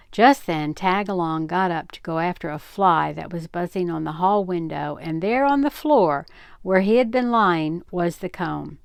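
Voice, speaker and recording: An older woman reads a children's story aloud at a calm, measured pace. Her voice is smooth and resonant with a gravelly edge, and the recording is dry and close. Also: fairly low pitch, dry recording. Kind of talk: reading a children's book aloud.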